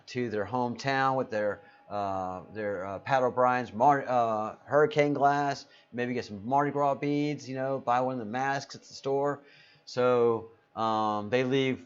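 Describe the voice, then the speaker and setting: A man's voice: medium pitch, clear, resonant tone. A man hosting a casual live stream, rambling as he reads out viewers' names from the chat. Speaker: livestream host. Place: Spain. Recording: slightly dull lo-fi audio.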